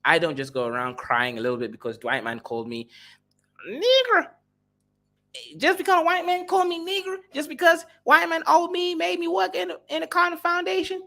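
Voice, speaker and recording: Un hombre imitando a un africano indignado, agudo y burlón. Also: male voice, fairly high pitch, sharp tone, heavily acted. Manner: mocking exaggerated put-on voice. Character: indignant adult African man, boastful and scornful.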